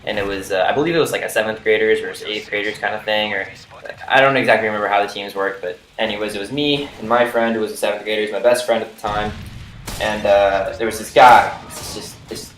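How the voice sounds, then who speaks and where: A man's voice: lowish voice, fairly even intonation, fast talker, a bit bright. A young man casually telling a story from his school days, rambling with lots of "like" and "you know". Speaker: vlogger. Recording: roomy echo with faint noise.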